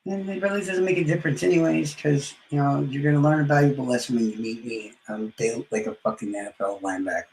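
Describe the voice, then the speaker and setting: Gravelly, boastful trash-talking man. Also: medium pitch, fast talker, hardly any pauses, a little mellow, roomy sound, a little hiss or hum, low-quality recording. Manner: boastful, profane trash talk with trailing mumbles. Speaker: livestreamer. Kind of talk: trash-talking live stream monologue.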